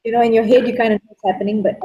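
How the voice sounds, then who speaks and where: A woman's voice: on the high side, little pitch movement, rapid-fire, warm tone, breathy edge. A woman hosting a live video call who talks in a hesitant way with many fillers. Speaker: host. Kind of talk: casual chat. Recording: dull lo-fi video call audio.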